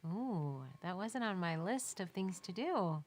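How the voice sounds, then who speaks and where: A newborn and baby photographer answers viewer questions in a casual live Q&A, her mid-range voice expressive and unhurried. She tells stories emphatically and chattily, laughing and quoting people's dialogue as she goes.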